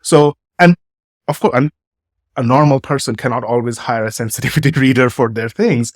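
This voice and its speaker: Halting male interviewer, dry close sound. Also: medium pitch, no echo. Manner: searching, halting, with many "like" fillers and restarts. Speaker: podcast host interviewing a guest. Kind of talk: casual conversational interview.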